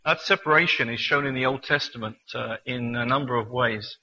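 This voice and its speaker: A man preaching a sermon in an earnest manner, reading scripture slowly and deliberately. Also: mid-range voice, bright, forceful tone, lo-fi sound.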